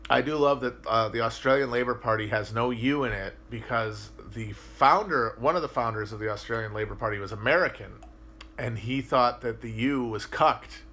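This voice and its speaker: Bright-voiced man rambling on a livestream. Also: medium pitch, moderate pace. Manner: rambling, profane, thinking aloud with frequent restarts and fillers. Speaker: podcast host. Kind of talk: casual livestream chat, answering viewer comments.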